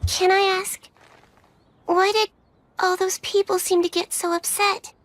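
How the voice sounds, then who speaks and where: A woman's voice: extremely high pitch, level tone, a little slow, a bit bright. A woman voicing a polite, easily flustered young witch in an anime English dub, speaking earnestly. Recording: soundtrack music behind.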